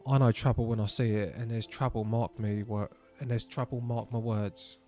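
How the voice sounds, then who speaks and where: A man voicing a shifty male villager in a loud put-on rustic English accent. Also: mid-range voice, little pitch movement, normal speed, soft background music, natural voice. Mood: gossipy.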